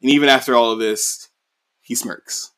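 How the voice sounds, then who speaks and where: A man's voice: mid-range voice, fairly even intonation, normal speed, a bit bright. A man co-hosting a podcast, casually recapping a story in a rambling way, full of "you know" and "like". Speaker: podcast co-host.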